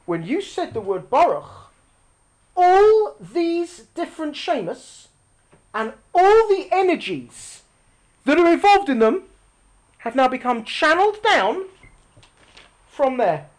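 Woman lecturer, religious class, high and highly expressive, questions the room, repeats for emphasis. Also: slow, pauses often. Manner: animated, asks the audience questions and repeats lines for emphasis; explains using a picture or diagram. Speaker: religious teacher.

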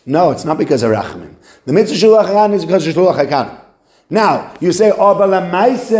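Animated man giving a Torah lecture. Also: reverberant. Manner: animated storytelling, swings between high excited voices and low murmurs. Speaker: Torah teacher. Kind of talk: Talmudic lecture.

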